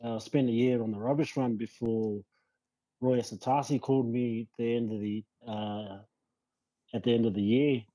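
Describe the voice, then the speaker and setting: A man, a rugby league player telling his story as a guest in a casual interview, relaxed and rambling with lots of fillers. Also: medium pitch, moderate pace, no echo, rough recording. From New Zealand.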